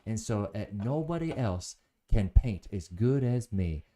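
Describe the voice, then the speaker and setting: A man's voice: on the low side, animated, a little slow, warm tone. A man voicing the crafty boy Tom Sawyer, boasting and brushing off a friend. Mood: boastful. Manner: boastful, dismissive.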